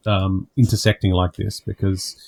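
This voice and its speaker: A man's voice: low voice, flat delivery, moderate pace, gravelly, a little mellow. A man hosting a podcast, chatting enthusiastically with many restarts, then reading the show's outro. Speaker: podcast host. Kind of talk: casual chat and scripted outro.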